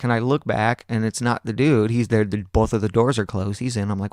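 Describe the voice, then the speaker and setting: In a clean studio recording with no audible room, this mid-range male voice talks a little quickly. He hosts a podcast, spinning a lengthy story in a relaxed way, full of profanity and animated impressions of other people's lines.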